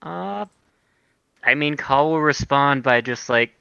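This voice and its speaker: A man playing a tabletop game, chatting casually with quick, joking asides. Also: medium pitch, lively intonation, creaky, pushed and bright, clear, resonant tone, dry recording. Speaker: player. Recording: dull lo-fi mic.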